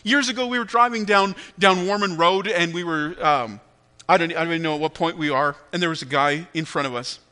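A middle-aged man preaching a sermon, acting out his own angry thoughts and swinging between hushed and loud delivery. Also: fairly high pitch, a little fast, clear, resonant tone. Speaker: pastor.

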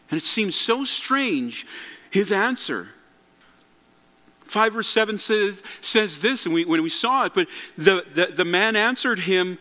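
A man's voice: high voice, expressive, measured pace, sharp tone. A man preaching a sermon in earnest, often restarting his phrases as he goes. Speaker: pastor. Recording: long reverb of a large hall.

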